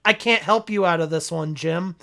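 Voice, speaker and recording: A podcaster doing a flat, deadpan movie hero. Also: mid-range voice, moderate pace, voice pushed down, close to an everyday voice. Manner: monotone deadpan delivery.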